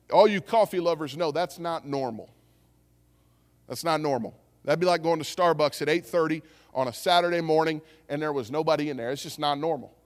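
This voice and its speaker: In a church sanctuary, an animated pastor preaches a sermon in a slightly high voice. He tells stories with energy and acts out the voices, and the church hall adds a long reverb.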